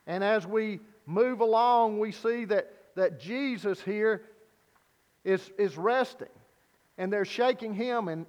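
Slow, high-voiced preacher in a reverberant hall. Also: male voice. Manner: earnest, deliberate preaching with rhetorical questions. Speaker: pastor. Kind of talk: sermon.

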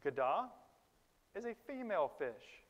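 A man preaching a sermon in a conversational, animated way, with sudden loud emphases and quiet asides to the congregation. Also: sits high, a little slow, muffled recording. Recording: long reverb of a large hall.

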